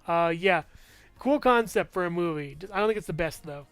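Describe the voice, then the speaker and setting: A man chats through his movie picks in a loose, rambling way, with plenty of fillers and self-corrections. His voice sits high for a man and sounds smooth and clean. The sound is dry and close, with faint music underneath. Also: expressive, a little fast, fairly bright tone, no echo. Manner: rambling, full of fillers and restarts, chuckles often. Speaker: movie reviewer. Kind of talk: casual movie review vlog.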